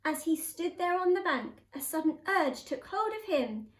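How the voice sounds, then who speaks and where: Animated woman reading a storybook. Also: very high-pitched, normal speed. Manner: expressive, sing-song reading. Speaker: primary school teacher. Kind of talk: storybook read-aloud. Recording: echoey room.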